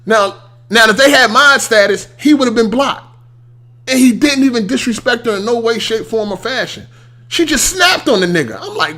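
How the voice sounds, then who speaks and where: Young guy podcast host venting hard, high bright voice, cussing a lot, keeps repeating himself. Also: moderate pace. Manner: animated, profane, repeats points for emphasis. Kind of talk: heated casual rant.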